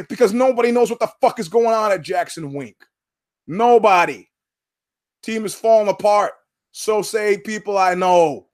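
Male podcast host, slightly high voice, blunt, swears freely, hammers points by repeating them. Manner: profane, emphatic, repeats words for punch. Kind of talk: casual podcast commentary.

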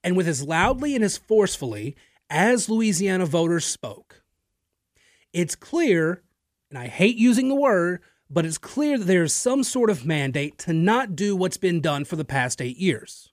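A man's voice: high-pitched, very animated, unhurried, dry recording. Opinionated male talk radio host, dry sound. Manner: emphatic, opinionated, addresses listeners directly; occasional filler and repeated words. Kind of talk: political commentary monologue. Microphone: studio microphone.

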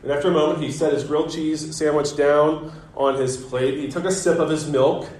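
A man in his thirties preaching a sermon as pastor, telling a family story in a relaxed, conversational way with gentle self-deprecating humor. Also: fairly high pitch, brisk. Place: church sanctuary. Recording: echoey church sanctuary.

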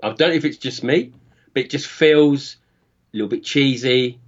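A man's voice: mid-range voice, normal speed. British man, hesitant, on a dull line. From United Kingdom. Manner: hesitant, restarts and searches for words. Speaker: podcast guest. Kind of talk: casual film discussion. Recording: slightly dull lo-fi sound.

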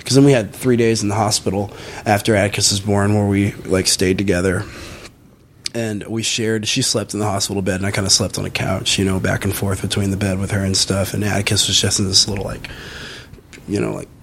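Guy on a podcast telling a story, casual, lots of you know and like, swears a bunch, pitch goes way up when he quotes people. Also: brisk, a little hiss or hum. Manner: animated retelling with frequent swearing and fillers; acts out quoted people in a much higher, louder voice. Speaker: podcast guest, musician.

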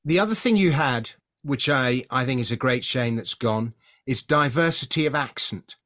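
A man's voice: medium pitch, expressive, normal speed, fairly bright tone. A middle-aged man from London hosting an interview, chatty and opinionated, often hesitating at the start of a point. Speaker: podcast host. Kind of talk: conversational interview.

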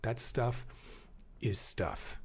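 A man talking in a casual podcast conversation, animated and rambling, joking as he tells stories. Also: mid-range voice, very slow, vocal fry, husky. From born in Germany to American parents. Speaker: podcast guest.

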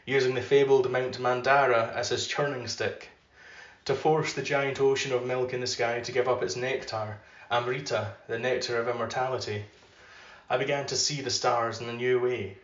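Male podcast host doing an unhurried literary reading, mid-pitched voice, roomy and slightly muffled recording. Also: steady tone, fairly bright tone. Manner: measured, unhurried reading; loose and filler-heavy when chatting.

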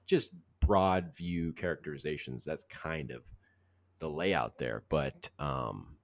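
A man's voice: extremely low pitch, takes it slowly, no echo. A man hosting a casual sports podcast, talking in a loose, rambling way with plenty of fillers. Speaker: podcast host.

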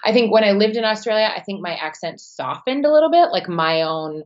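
A woman with a softened American Wisconsin accent, talking casually as a podcast guest with low, unsung intonation. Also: lively intonation, fairly quick, highs cut off. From Wisconsin, United States. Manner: low, not sing-songy intonation. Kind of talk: casual conversation.

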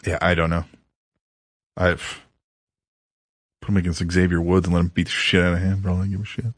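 A man's voice: deep voice, flat delivery, fairly quick, no echo, studio quality. A man co-hosting a casual podcast, crude and laughing as he tells stories and reads listener tweets aloud. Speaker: podcast co-host.

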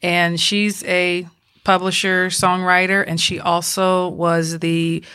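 Lively Southern woman telling stories. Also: lowish voice, slow pace, clean tone. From Georgia, US. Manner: animated, talks with her hands, laughs often. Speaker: police officer, guest. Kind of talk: casual interview storytelling.

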